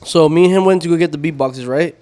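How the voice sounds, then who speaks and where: Smooth-voiced laughing man. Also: on the high side, fast, mellow. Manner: laughs often, jumps in to clarify stories. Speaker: podcast co-host. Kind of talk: casual chat.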